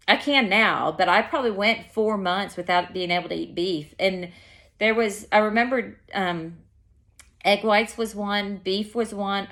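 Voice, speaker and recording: A woman's voice: mid-range voice, fairly bright tone. Woman, casual vlog chat, rambling, self-correcting, mid-range voice. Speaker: vlogger.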